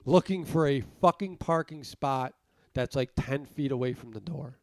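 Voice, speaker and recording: A man's voice: medium pitch, a little slow, darkish tone, no echo. A man co-hosting a podcast, ranting with a lot of profanity in casual chat and sounding congested. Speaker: podcast co-host.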